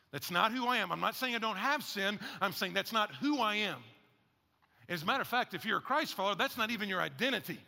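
A man's voice: high-pitched, expressive, fast talker, gravelly, pushed and bright, in a large hall. A male pastor preaching a sermon in a conversational, joking way, leading the congregation in spoken declarations.

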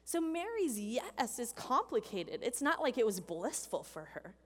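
Animated woman preaching in a reverberant hall. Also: a little high, measured pace. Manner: animated, acts out voices of people in the story. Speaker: pastor. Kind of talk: sermon. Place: church hall with a congregation.

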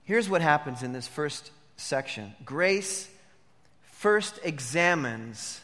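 A male pastor delivers a sermon in a high, bright, ringing voice. He drops to a hush and then rises to firm emphasis. The sound carries the long reverb of a church hall. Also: expressive, slow. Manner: swings from hushed to emphatic preaching.

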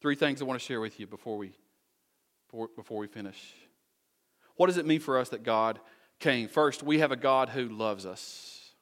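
A man's voice: mid-range voice, normal speed, fairly bright tone. A man preaching a conversational sermon, asking rhetorical questions and making folksy asides to the congregation. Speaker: pastor.

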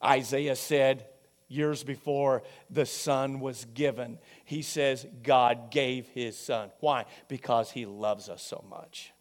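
A male pastor preaching a sermon, emphatic, asking the congregation questions and swinging between loud peaks and quiet low passages. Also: steady tone, slow.

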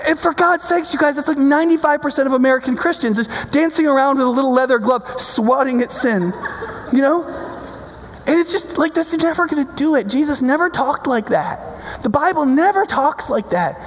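A man's voice: very high voice, animated, fairly quick, long reverb tail. A man preaching a sermon in an emphatic, conversational way, often checking in with his listeners. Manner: emphatic, conversational, keeps asking "right?".

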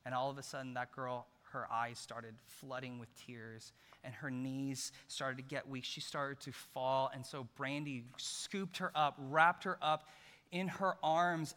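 A middle-aged man preaching a sermon as pastor, telling a story and swinging between loud emphasis and hushed, soft passages. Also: medium pitch, steady tone, unhurried. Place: large church hall. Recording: long hall reverb.

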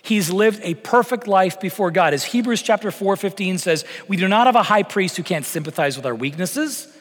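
Animated preacher in a reverberant church. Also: male voice, high voice, normal speed. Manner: animated, conversational preaching with humor. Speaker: pastor. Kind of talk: sermon. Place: church sanctuary.

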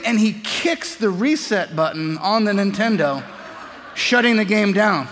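A man in his forties preaching a sermon, an animated storyteller who also turns quiet and reflective. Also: high voice, unhurried. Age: 40s. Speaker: pastor. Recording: long hall reverb.

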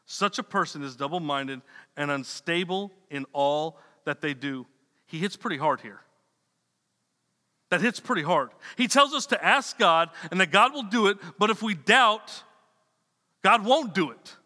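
A man's voice: high voice, animated, measured pace, bright, forceful tone. A man preaching a sermon in a loose, conversational way, repeating words and dropping slangy asides. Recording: long reverb of a hall.

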